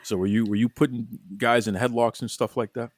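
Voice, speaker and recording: A man with a Boston accent hosting a casual podcast interview, energetic and folksy, often repeating his words. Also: mid-range voice, brisk. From Boston, USA. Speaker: podcast host.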